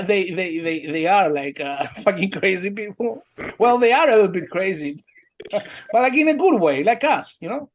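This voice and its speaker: A man's voice: high-pitched, lively intonation, moderate pace. A man co-hosting a casual stream, full of joking, playful banter.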